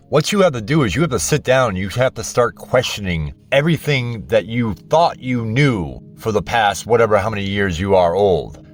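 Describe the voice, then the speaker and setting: A man hosting his own channel, delivering an impassioned, blunt spiritual monologue straight to his viewers. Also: on the low side. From United States. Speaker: channel host.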